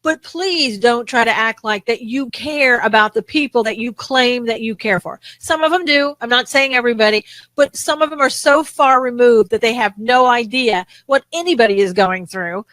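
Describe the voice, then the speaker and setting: Bright indignant woman co-host. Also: fairly high pitch, moderate pace, dry recording, poor audio. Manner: animated, indignant, many restarts. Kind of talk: casual political talk show chat.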